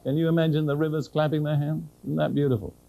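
A man preaching a sermon, earnest and direct, who slows down to read scripture with emphasis and keeps asking his listeners questions. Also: fairly high pitch, steady tone, gravelly, dark tone, poor audio.

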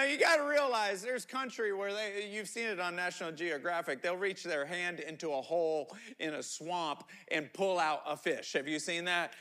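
A man preaching a sermon as pastor, telling animated stories and often repeating his words. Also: high-pitched.

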